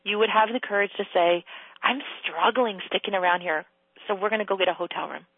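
A woman hosting a casual coaching conversation, giving blunt advice, swearing freely and acting out quotes in a high playful voice. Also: brisk, slightly rough, no room sound. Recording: tinny phone-line sound.

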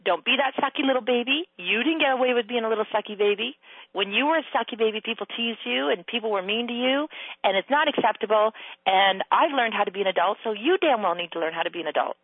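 A woman hosting a casual coaching conversation, giving blunt advice, swearing freely and acting out quotes in a high playful voice. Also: fast talker, husky, dry recording. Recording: tinny phone-line sound.

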